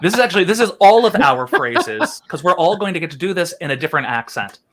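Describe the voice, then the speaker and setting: A man from Philadelphia co-hosts a casual online chat, his voice bright and forward. He talks in long, rambling stretches with plenty of laughs as he explains the rules of a game. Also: sits high, big pitch swings, quick pace. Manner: chatty and rambling, laughs often. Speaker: co-host.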